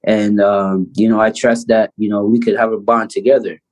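A Canadian man in his thirties, a pro basketball player guesting on a podcast, telling his story in a fast, animated way with lots of "you know" and "like". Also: fairly low pitch, poor audio. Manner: laughs often while telling his story. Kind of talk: casual storytelling interview.

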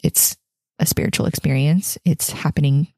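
A pregnant woman in her thirties talks in a candid, chatty way on her own podcast, laughing often and circling back on her words. Her voice sits low and mellow. The sound is close and dry, with no room around it. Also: steady tone, moderate pace, no room sound. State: heavily pregnant. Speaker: podcast host. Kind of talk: casual personal reflection.

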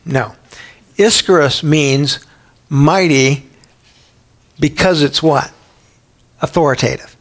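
A man's voice: on the high side, slow, pauses often, a bit bright. A middle-aged man preaching a Bible teaching sermon in a conversational way, sometimes acting out quoted voices. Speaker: pastor.

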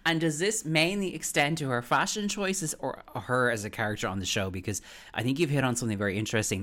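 A man co-hosting a podcast, talking through ideas in a thoughtful, conversational way and asking his co-host questions. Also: sits low. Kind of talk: casual chat.

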